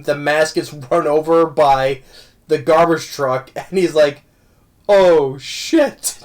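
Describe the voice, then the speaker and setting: Rambling man reviewing a film. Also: fairly high pitch. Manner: rambling, with many restarts and "right?" tags; warm, amused fan talk. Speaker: movie reviewer. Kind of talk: casual spoken film review.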